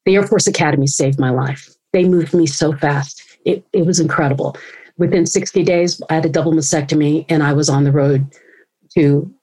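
A woman in her forties telling her story as an interview guest, animated and acting out the people she quotes. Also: low voice, fairly quick, rough recording. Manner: animated, acts out quoted voices. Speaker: guest speaker and author.

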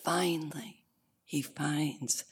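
A woman meditation teacher giving a dharma talk, telling a story in a soft, unhurried way. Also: low-pitched, steady tone, slightly rough.

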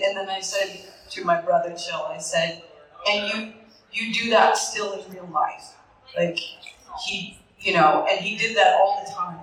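A woman's voice: mid-range voice, steady tone, unhurried, a bit bright, slight background noise. A woman actress on a convention panel, chatting in a jokey, rambling way and laughing often. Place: convention stage. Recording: echoey hall, voice from far off.

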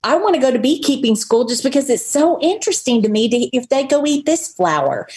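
A woman co-hosting a casual Bible study podcast, earnest and expressive as she reads scripture and reflects on it. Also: sits high, a little fast, slightly rough. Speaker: podcast co-host.

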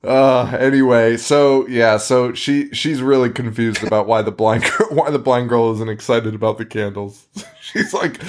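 A man's voice: mid-range voice, steady tone, unhurried. A man co-hosting a podcast in casual chat, laughing and swearing as he recaps things. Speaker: podcast co-host.

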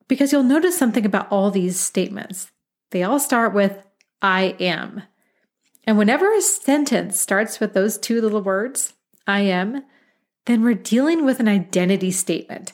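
A woman's voice: medium pitch, lively intonation, normal speed. Give me a candid woman podcast host in her thirties, chatty and direct. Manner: candid, chatty, peppered with mild swearing. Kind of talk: casual podcast monologue.

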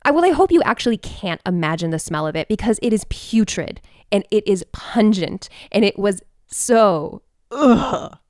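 A woman telling a personal story in an animated, expressive way, with quick bursts. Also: medium pitch, no echo, clean studio sound.

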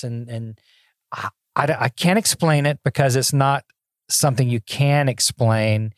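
A man's voice: mid-range voice, measured pace, dry recording, studio quality. A man in his sixties, a podcast guest, telling his life story in a folksy, self-deprecating way, often repeating words as he starts a thought. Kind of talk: casual interview storytelling.

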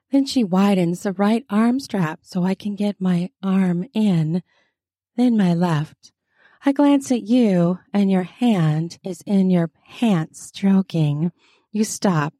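Slow, low-voiced woman narrating. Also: mellow, no room sound, clean studio sound. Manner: intimate, unhurried storytelling. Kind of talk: erotic story narration.

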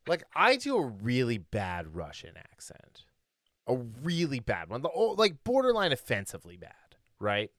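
In a medium-pitched, fairly bright voice that swoops wildly, this man co-hosts a podcast at a moderate pace, chatting casually with plenty of fillers, restarts and opinions as he rambles. The studio sound is clean, with no room sound.

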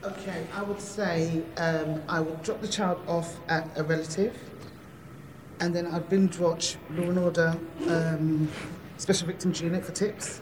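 Audience woman, low voice, giggly, crowd behind. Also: steady tone, unhurried, low-quality recording. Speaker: audience member. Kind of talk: casual panel chat.

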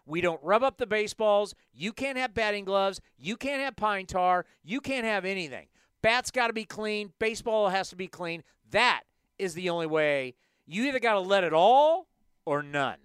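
A man hosting a casual sports podcast rants, repeating his points for emphasis in a high, lively voice with a bright, clear tone. He speaks at normal speed, recorded close and dry with no room sound.

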